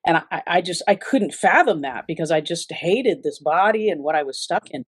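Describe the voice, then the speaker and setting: A woman's voice: lowish voice, expressive, moderate pace, hardly any pauses, no room sound. A woman giving an earnest, reflective personal testimony in an interview, often restarting her sentences. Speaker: interview guest.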